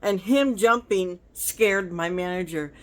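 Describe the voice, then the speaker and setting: An American vlogger talks into her phone, telling rambling stories in a chatty, casual way. Her voice is fairly low, slow and a bit bright.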